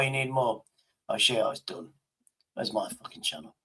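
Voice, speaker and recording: A man's voice: medium pitch, lively intonation, moderate pace, a bit bright, breathy edge. A man livestreaming in casual chat, rambling to himself and swearing constantly.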